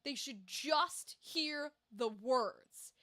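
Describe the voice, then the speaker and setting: A woman with a high-pitched voice and a sharp tone draws out her words as she streams as a voice actor. She chats casually and candidly in a loose livestream, swearing freely and wandering into plenty of asides.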